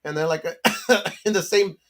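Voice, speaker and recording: A man's voice: high voice, a little slow, a bit bright. A man co-hosting a boxing talk show, talking in a laid-back, casual way, swearing often and calling others "bro". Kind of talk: casual chat.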